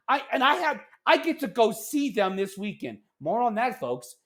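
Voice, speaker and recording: A man co-hosting a casual sports podcast, ranting in an animated, exasperated way that often turns loud. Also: high-pitched, normal speed. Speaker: podcast co-host.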